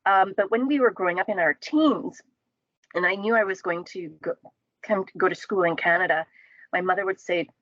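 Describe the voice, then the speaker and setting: A woman's voice: medium pitch, normal speed, a bit bright, no echo, dull audio. A woman from the Caribbean talking in a casual panel discussion, thoughtful and full of fillers and restarts.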